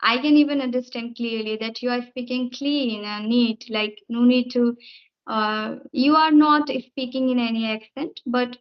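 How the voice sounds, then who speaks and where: A woman's voice: on the high side, a little slow, lo-fi sound. A woman with an Indian English accent, chatting casually and agreeably in a conversation practice session. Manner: relaxed, agreeable, uses fillers like and uh.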